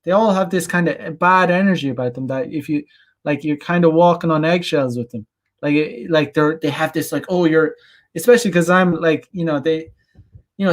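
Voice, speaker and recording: A young adult man from Ireland, ranting in a rambling, blunt, profane way on a casual livestream and reading out chat comments. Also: on the high side. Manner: rambling, many restarts and fillers, blunt and profane. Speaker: channel host.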